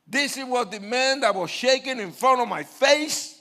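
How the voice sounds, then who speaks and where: In a very high-pitched voice at normal speed and with hardly any pauses, an older Puerto Rican preacher, a native Spanish speaker, gives his testimony as a sermon story. He acts out quotes animatedly, going from soft asides to shouting.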